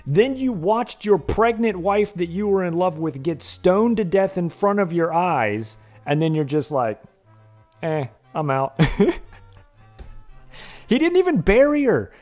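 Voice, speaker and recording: A man's voice: high-pitched, slow pace, faint music behind. A man streaming a retro game, casually retelling a TV episode with lots of swearing and frequent laughter. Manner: profane, laughs often, animated storytelling.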